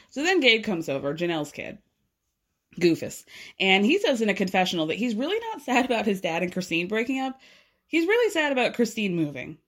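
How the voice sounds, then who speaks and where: A woman's voice: medium pitch, sing-song, fairly quick, a bit bright. A woman recapping a reality show in casual chat, sarcastic and swearing freely. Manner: sarcastic, swears freely, laughs between lines. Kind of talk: casual recap, snarky commentary.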